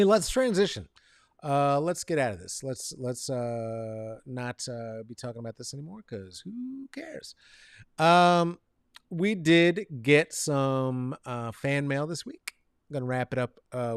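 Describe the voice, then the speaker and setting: A man hosting a comedic commentary show, rambling and sarcastic, swinging between mumbled asides and loud outbursts and talking to viewers by name. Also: medium pitch, smooth, no echo, clean studio sound. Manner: talks to chat viewers by name. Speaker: show host.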